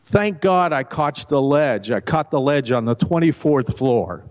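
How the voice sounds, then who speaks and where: A middle-aged man tells a joke live on a festival stage into a handheld mic. His voice swoops up and down as he acts out each character, and he banters with the crowd in between. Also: measured pace. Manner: animated, acts out the characters with pitch jumps. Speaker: radio host telling a joke on stage. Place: festival stage before an audience.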